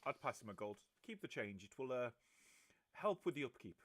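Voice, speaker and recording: A man's voice: medium pitch, fairly quick, slight background noise. A man playing in a tabletop role-playing game, speaking in character and joking. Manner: animated, swings between in-character and joking. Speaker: player.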